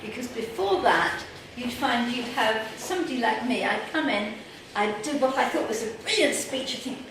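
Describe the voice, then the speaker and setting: A fairly high-pitched English woman gives a workshop talk, full of lively anecdotes in which she acts out what people told her. The recording is very echoey and picked up from some distance, with a faint hiss underneath. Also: moderate pace. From England. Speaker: workshop speaker. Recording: echoey hall, mic far off, faint noise.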